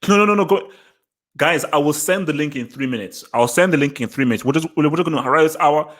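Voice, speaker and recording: A man hosting a live football reaction stream, excitable, laughing often and repeating his words. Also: fairly high pitch, fast. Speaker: football channel host.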